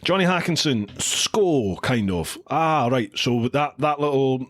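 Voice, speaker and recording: A man's voice: mid-range voice, animated, slow pace. Chatty man hosting a livestream. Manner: chatty, reads out viewer comments and greets each by name. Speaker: podcast host. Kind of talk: casual livestream chat. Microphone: studio mic into a recorder.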